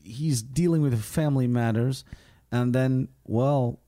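A man playing an earnest, deadpan Lithuanian immigrant shuttle driver with a Lithuanian accent, in an improvised comedy bit. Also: mid-range voice, no echo, studio quality, natural voice. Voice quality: earnest, deadpan, slightly halting.

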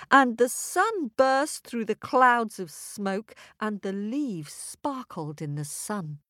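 A woman storyteller telling a folk tale in an expressive, rhythmic way. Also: fairly low pitch, no room sound, studio quality. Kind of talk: storytelling for children.

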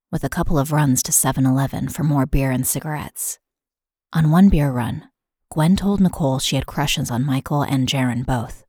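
Female podcast host for scripted true crime, matter-of-fact delivery, low and breathy. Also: no echo, studio quality. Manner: steady, matter-of-fact reading.

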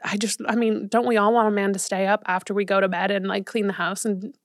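A woman's voice: mid-range voice, flat delivery, no room sound, clean studio sound. Gushing young woman podcast host. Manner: gushing, fast, lots of "like". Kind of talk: casual chat.

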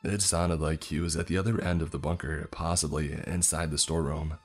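A man reading a scripted horror story in a tense, measured way. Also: very deep voice, steady tone. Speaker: narrator. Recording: faint music underneath.

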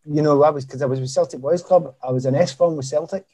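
A middle-aged man with a Glaswegian accent and a husky, mellow voice. He chats casually on a podcast, spinning lively stories about his career and laughing at his own jokes. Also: fairly high pitch, fast. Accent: Glaswegian Scottish. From Scotland. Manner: lively anecdotal storyteller who laughs at himself. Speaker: guest, former footballer.

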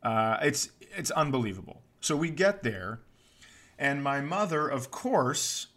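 A man co-hosting a comedy podcast in loose, joking chat, with a bright, forceful voice at a middle pitch. He riffs playfully and tends to jump into mock voices mid-story. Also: sing-song, unhurried.

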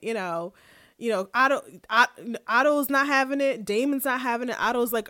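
Lively woman recapping a TV scene. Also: a little high, normal speed, dry recording, studio quality. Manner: animated, quotes characters in lively voices, laughs often. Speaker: podcast co-host recapping an episode. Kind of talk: casual chat, retelling a scene.

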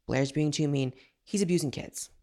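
A woman host delivering fired-up commentary in a fairly low voice, blunt and sarcastic throughout. She rants straight at her audience, with a faint clicking somewhere in the background. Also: normal speed, dark tone. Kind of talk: opinionated commentary.

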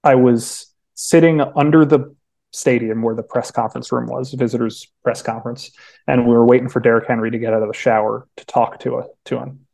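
A man's voice: mid-range voice, fairly even intonation, brisk, vocal fry, darkish tone. A young adult man, a podcast guest, telling stories in casual chat with lots of restarts and acted-out quotes. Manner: chatty storyteller, frequent restarts and acted-out quotes. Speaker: podcast guest, sports beat writer.

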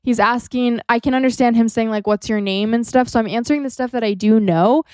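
A young adult woman co-hosting a podcast, telling a story in a casual, expressive way and acting out what people said. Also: on the high side, fairly quick, clean tone, no echo, clean studio sound. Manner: expressive, laughs while telling, acts out quotes. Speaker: podcast co-host.

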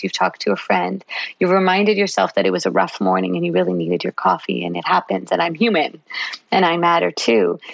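A woman's voice: mid-range voice, gravelly, dry recording, highs cut off. A woman psychologist guest in a podcast interview, explaining at length and acting out little parent-child exchanges. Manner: warm explanatory, acts out parent-child dialogue.

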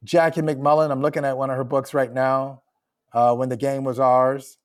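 A man's voice: mid-range voice, little pitch movement, normal speed. A man who is an author, answering podcast questions remotely in a reflective, emotional way and laughing often. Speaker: author guest. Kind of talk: podcast interview.

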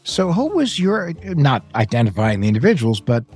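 A man hosting a podcast interview, asking probing questions and giving quick affirmations. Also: mid-range voice, very animated, darkish tone, slightly rough, faint music behind. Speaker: podcast host.

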